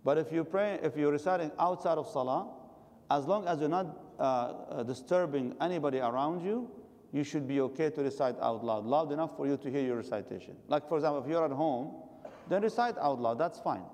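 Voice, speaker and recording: A man's voice: on the high side, lively intonation, brisk, darkish tone, in a large hall. A man giving a religious lecture and answering questions from the audience, advising his listeners directly. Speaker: religious teacher.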